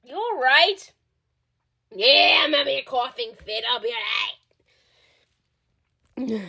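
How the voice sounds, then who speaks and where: A woman's voice: high-pitched, animated, sharp tone, full character voice. A woman voicing a stubborn older chain-smoking woman who grumbles, coughs and gets touchy in a comedy skit. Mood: grumbling. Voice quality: gravelly, coughing smoker's voice. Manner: slow, grumbling and defensive.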